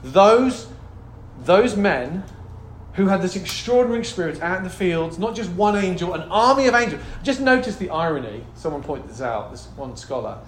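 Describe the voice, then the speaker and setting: A man preaches in a high, lively voice, dropping to a hush and then rising to loud exclamations as he calls out for hallelujahs. His sermon rings through an echoey church hall. A faint background ambience sits under the room. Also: moderate pace, a little hiss or hum. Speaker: pastor.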